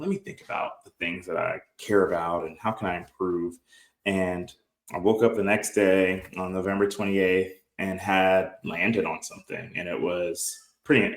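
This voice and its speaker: Late-30s man, low-pitched, earnest podcast guest, roomy echo. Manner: reflective, earnest, quotes others in quick bursts. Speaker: guest entrepreneur. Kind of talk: conversational podcast interview. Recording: echoey room.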